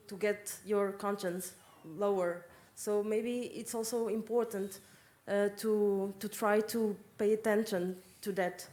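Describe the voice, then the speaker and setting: Slow, hesitant woman in the audience. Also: medium pitch, a little mellow. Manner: hesitant, many fillers and restarts. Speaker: audience member.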